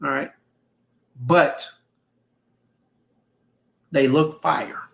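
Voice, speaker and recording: A man's voice: on the high side, steady tone, drawn-out words, creaky. A man hosting a casual fragrance livestream, reading viewer comments aloud in a laid-back, slangy way and repeating his phrases. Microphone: streaming mic.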